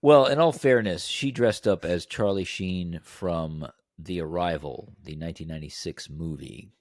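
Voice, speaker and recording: A man's voice: deep voice, moderate pace, darkish tone, dry recording, studio quality. A man co-hosting a podcast, asking curious questions in casual chat. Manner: curious, keeps pressing a question. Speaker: podcast co-host.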